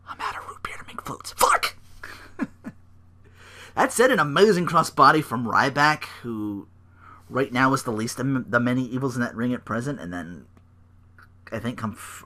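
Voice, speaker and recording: Animated man rambling a solo recap. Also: mid-range voice. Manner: rambling, animated, swears freely. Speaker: podcast host.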